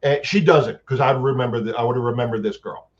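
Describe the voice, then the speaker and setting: A man's voice: mid-range voice, fast talker. A man, a guest actor and paranormal investigator, telling long-winded stories in a casual chat, with lots of restarts. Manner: animated, long-winded anecdotes with many restarts. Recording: dull lo-fi sound.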